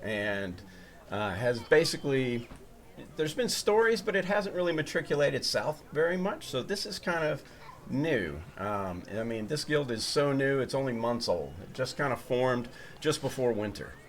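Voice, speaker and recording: A man's voice: medium pitch, very animated, moderate pace. A man narrating as game master at a tabletop game, in a loose, rambling way with many fillers and restarts.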